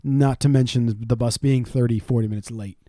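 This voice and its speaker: Quick, sarcastic man telling stories. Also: medium pitch, steady tone, warm tone, no echo, studio quality. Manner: profane, sarcastic, quick storytelling with mimicked voices. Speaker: podcast co-host. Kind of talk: casual storytelling chat.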